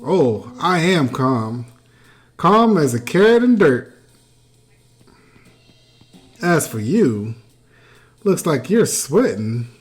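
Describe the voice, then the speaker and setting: A player voicing a kid who is faking a gruff, menacing detective voice during an interrogation. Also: mid-range voice, big pitch swings, takes it slowly, voice pushed down. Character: kid acting as a gruff tough-guy detective.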